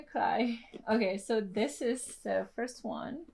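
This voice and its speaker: Excited young woman unboxing. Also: fairly high pitch, slow pace, vocal fry, a little hiss or hum. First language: Tetum. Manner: excited, gushing, lots of laughs. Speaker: beauty vlogger. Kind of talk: casual unboxing vlog.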